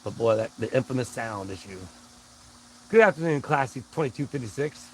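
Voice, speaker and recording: A man's voice: medium pitch, animated, brisk, darkish tone, slight background noise, rough recording. A man hosting a casual live stream, rambling along and greeting viewers by name. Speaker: livestream host.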